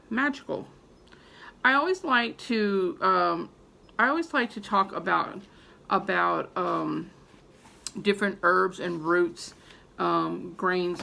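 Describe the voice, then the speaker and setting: In a casual, unscripted video, a woman herbalist rambles to viewers about growing and using herbs, along with spell work, full of fillers and restarts. Her mid-range voice has vocal fry and sounds pushed and bright.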